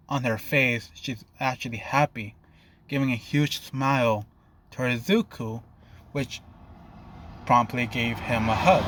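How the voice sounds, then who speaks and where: Guy making up a fan story as he goes, unhurried, mid-pitch, keeps correcting himself. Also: a bit bright. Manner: rambling, loose, stops to rephrase. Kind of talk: improvised fan fiction storytelling.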